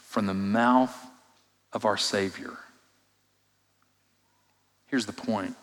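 A man preaching a sermon as pastor, expressive, moving between loud emphasis and hushed, low passages. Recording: long reverb of a large hall.

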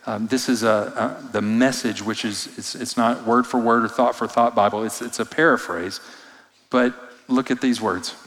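A man preaching a sermon as pastor, expressive, moving between loud emphasis and hushed, low passages. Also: moderate pace. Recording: long reverb of a large hall.

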